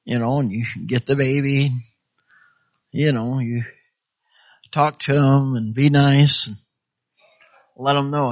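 A man's voice: mid-range voice, fairly even intonation, slow pace, pauses often. A man preaching a sermon, urging his listeners on and filling his talk with amens and hallelujahs, often acting out what people might say. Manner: exhorting, calls for "amen" and "hallelujah", acts out quoted voices. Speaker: pastor. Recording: dull lo-fi sound.

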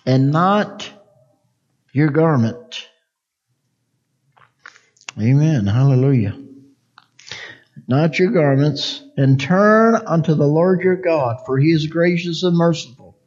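A man preaching a sermon as pastor, reading scripture and swelling into loud, impassioned pleading prayer. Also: fairly high pitch, expressive, slow pace, long pauses, highs cut off.

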